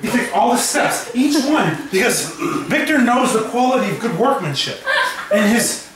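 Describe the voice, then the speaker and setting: With an extremely high pitch and a very animated delivery at moderate pace, a man improvises a comic tall tale. He rambles, swears, laughs often and fills gaps with "like," captured from a distance in a very echoey space with crowd noise.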